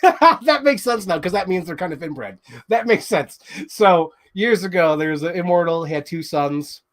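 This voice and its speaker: A man hosting a show, excitedly rambling through a movie recap in casual chat, swearing freely. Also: a little high, moderate pace. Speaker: show host.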